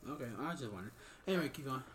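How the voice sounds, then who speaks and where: A man in casual chat as a podcast co-host, jokey and quick to interrupt. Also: lively intonation, a bit bright, slight background noise. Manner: jokey, interrupting, swoops in pitch.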